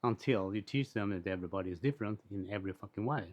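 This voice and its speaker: A man talking in a casual, rambling monologue, blunt and quick to swear, with frequent restarts and asides. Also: lowish voice, a little mellow. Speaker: commentator on social issues. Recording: dull lo-fi recording.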